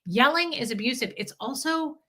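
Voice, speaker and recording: A woman hosts a casual livestream, answering viewer chat candidly and emphatically, swearing freely and repeating herself a lot. Her voice is high, bright and animated with a forceful tone, at a moderate pace.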